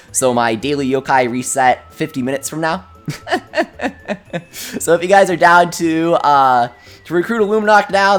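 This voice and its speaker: A young man hosting a casual game livestream, reading chat messages aloud and reacting with excitement. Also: a little high. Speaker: gaming livestreamer.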